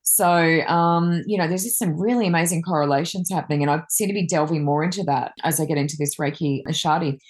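Chatty Reiki woman, low deep voice, rambling casual stories. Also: quick pace, hardly any pauses. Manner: chatty, rambling, many fillers. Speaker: Reiki master and card reader. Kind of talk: casual chat, telling anecdotes.

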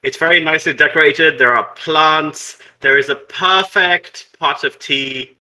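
A man narrating a tabletop game as game master, casual and chatty, with many fillers and quick asides. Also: a little high, bright, forceful tone, low-quality recording.

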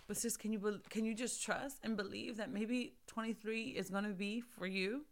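Young woman, podcast host, earnest faith encouragement, bright voice, smooth tone. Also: medium pitch, steady tone, a little fast, few pauses. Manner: earnest, preachy, urges the listener. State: recovering from losing her voice.

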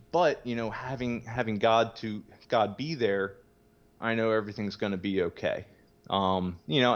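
Candid, rambling low-voiced man. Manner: candid, rambling, many "you know" fillers, swears casually. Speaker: guest in recovery. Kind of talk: casual storytelling. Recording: muffled lo-fi audio.

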